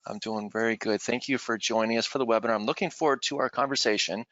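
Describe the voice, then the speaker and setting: A man hosts a webinar, reading out a formal introduction at a quick pace. The sound is dry and close, with muffled lo-fi audio. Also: mid-range voice, steady tone, a bit bright, dry recording. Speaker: webinar host. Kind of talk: scripted introduction.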